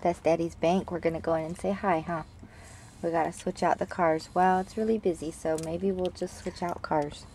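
A woman's voice: fairly low pitch, fairly even intonation, normal speed, darkish tone, slight background noise. A mother talking to her small children over lunch in a coaxing, sing-song way.

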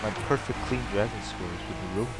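A young man on the low side in pitch talks at a quick pace while streaming a racing game, its music playing in the background. He rambles casually, jokes at his own expense, and laughs often.

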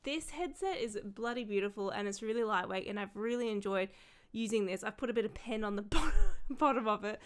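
A young woman, a content creator and streamer, unboxes gear for her vlog in a casual way. Her medium-pitched voice is brisk and smooth, and she gushes, swears, and chats through rambling asides.

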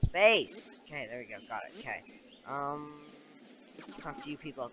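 Talking to the on-screen characters between giggles, this young let's play gamer rambles casually through his game. His medium-pitched voice is expressive and sharp, moving at a moderate pace. The cheap new microphone picks up a little hiss or hum.

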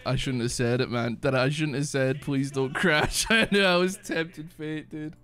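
A man streaming a video game in casual chat, excitable and sweary, breaking into shouts and laughter. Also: on the high side, moderate pace. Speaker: gaming streamer. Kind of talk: casual live-stream chat over gameplay. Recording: faint music behind.

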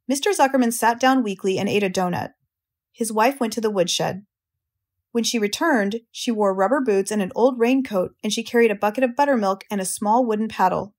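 A woman with an American accent reading a children's audiobook aloud in a clear, measured way for English learners. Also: mid-range voice, darkish tone. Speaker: audiobook reader, English teacher.

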